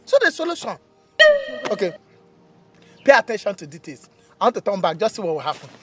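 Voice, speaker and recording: A Nigerian man delivers a comedy sketch in a boastful, excitable way, his pitch swinging widely. Faint music plays underneath him as he goes from bragging to frantic yelling. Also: fairly quick. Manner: boastful, excitable, breaks into panicky shouting. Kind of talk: comedy skit.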